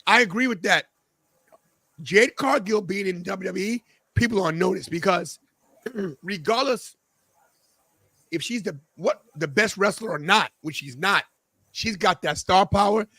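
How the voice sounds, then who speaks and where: High, bright-voiced excitable male host. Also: unhurried, pauses often, slightly rough, no echo. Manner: excitable, animated reactions. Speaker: podcast host. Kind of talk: casual live watch-along chat.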